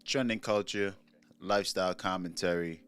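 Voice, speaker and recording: New york guy doing a commentary show, real low voice, laid-back slangy talk, faint music behind. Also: fairly even intonation, fairly bright tone, clean tone. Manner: laid-back street slang, drawn-out emphatic phrases. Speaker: commentary channel host. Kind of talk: solo commentary monologue.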